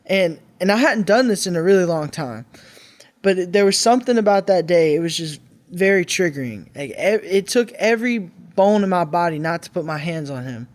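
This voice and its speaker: A man's voice: sits high, brisk. A man in his twenties, a podcast guest, telling his own life story in a candid, conversational way with some restarts. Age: 20s. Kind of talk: personal storytelling.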